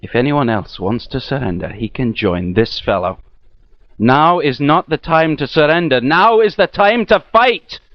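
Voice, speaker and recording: A man voicing a fierce, defiant male ship captain in a storybook reading, giving slow, loud commands. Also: lowish voice, no echo, pitched below the performer's own voice. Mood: commanding. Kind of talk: storybook character voice. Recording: tinny, thin dry recording.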